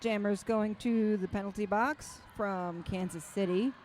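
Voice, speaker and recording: A woman announcing a roller derby bout live, making brisk, matter-of-fact calls with dry quips. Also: medium pitch, steady tone, darkish tone, a little hiss or hum. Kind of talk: live sports commentary.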